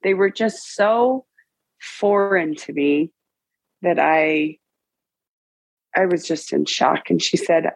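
A woman around forty, a guest in an interview, tells a personal story in an emotional, halting way with many restarts. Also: on the low side, husky, no echo, rough recording.

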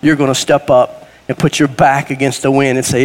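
A man's voice: mid-range voice, fairly even intonation, fairly quick. Folksy preacher man in a reverberant church. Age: middle-aged. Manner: folksy, conversational preaching with sudden rises. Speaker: guest preacher. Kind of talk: sermon. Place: church sanctuary. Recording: long hall reverb.

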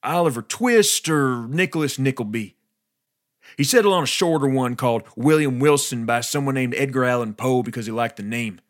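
A man's voice: mid-range voice, normal speed. A man narrating a scripted historical story, with folksy, wry asides.

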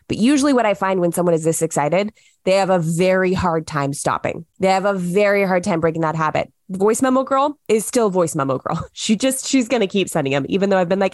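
A young woman hosting a podcast, giving casual advice in an animated way and acting out what she tells her clients. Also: lowish voice, a little fast, dry recording, clean studio sound. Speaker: podcast host, wedding planner.

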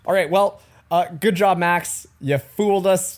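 A man's voice: sits high, a little slow. A man hosting a casual comedy podcast, joking and laughing with sarcastic asides. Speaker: podcast host.

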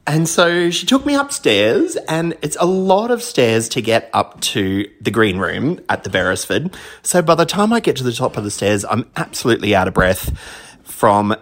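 A man's voice: mid-range voice, big pitch swings, moderate pace, fairly bright tone. A man from Australia, a DJ, telling a self-deprecating anecdote in a chatty recorded message. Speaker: DJ sending in a story.

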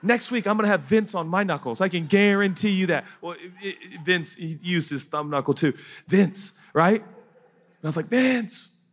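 A man's voice: high-pitched, normal speed, a bit bright. A man preaching a sermon in an emotional, conversational way, often laughing as he talks.

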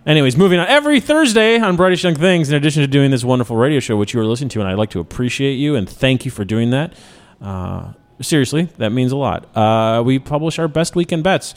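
A man's voice: medium pitch, animated, fast talker. A man in his thirties from Chicago hosting a radio show in casual, joking, self-mocking chat. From Chicago, USA.

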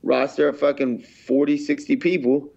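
A man's voice: mid-range voice, little pitch movement, normal speed, vocal fry, darkish tone. A man being interviewed as a fighter, talking bluntly and swearing a lot, often acting out things he said before. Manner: blunt, heavily profane, acts out his own past remarks. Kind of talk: casual interview talk. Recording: dull lo-fi sound.

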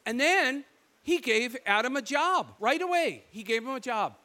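Michigan-accented male preacher, high, bright voice, lively storyteller for a sermon. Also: moderate pace. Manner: animated storytelling, acts out quoted voices.

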